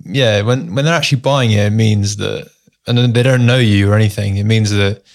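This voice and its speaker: A male podcast host asking questions in a relaxed, chatty way, often saying "actually" and "mate.". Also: on the low side, fairly quick. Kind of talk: casual podcast interview.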